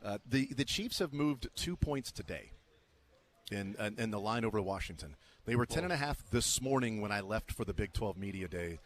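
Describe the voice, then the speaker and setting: A man's voice: fairly low pitch, animated. A man hosting live sports radio from a media day, talking in a wry, joking way. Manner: wry, joking, quick asides. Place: remote broadcast at an arena media day.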